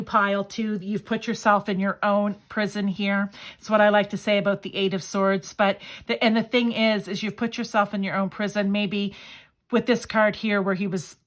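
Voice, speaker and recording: A woman giving a casual pick-a-card tarot reading, chatty and enthusiastic as she talks straight to her viewers. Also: medium pitch. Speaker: tarot reader.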